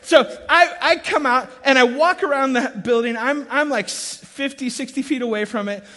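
A middle-aged man, a pastor, preaching a sermon as an animated storyteller, laughing and acting out sounds as he goes. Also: very high-pitched, normal speed. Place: church sanctuary. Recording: large hall with long reverb, faint music.

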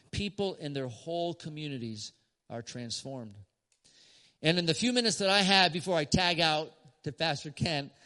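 A man preaching as a pastor, telling a story to a congregation with emphatic pauses and short laughs. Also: a little high, pushed and bright. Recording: long church hall reverb.

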